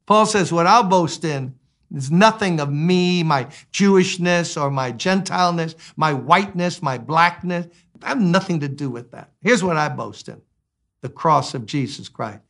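A man in his sixties preaching a sermon, animated, swinging between loud exclamations and quiet asides. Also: high voice. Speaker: pastor.

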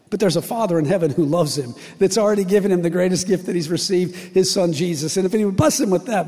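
A man preaching a sermon as pastor, impassioned and emotional, swinging from loud declarations to hushed lines. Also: high voice, vocal fry, slightly rough, big-room sound. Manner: impassioned, rising to shouts and dropping to near-whispers. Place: church.

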